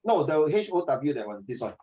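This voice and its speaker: A man coaching a student one-on-one for an oral exam, blunt and animated, mixing in Mandarin words. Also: on the high side, brisk. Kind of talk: one-on-one tutoring.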